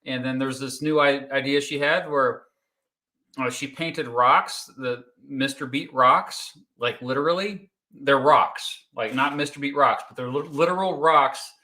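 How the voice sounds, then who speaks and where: A man in his thirties from Kansas hosting a relaxed livestream, joking and chatting while he eats pizza. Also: medium pitch, a little slow. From Kansas, United States. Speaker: YouTube host. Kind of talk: casual livestream chat.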